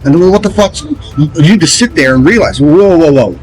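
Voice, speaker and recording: A man's voice: high voice, lively intonation, a little fast, rough recording. A man from England, delivering a blunt, profane motivational rant that lectures listeners and mocks the way other people talk. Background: faint background music.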